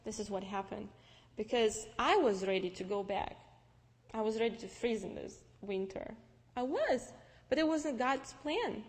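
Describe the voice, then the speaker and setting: A young woman with a Russian accent, Russian-speaking by birth, telling her personal faith story to an audience in a lively, storytelling way. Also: on the high side, unhurried. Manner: lively storytelling with restarts and acted-out dialogue. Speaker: speaker giving testimony. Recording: long reverb from a large hall.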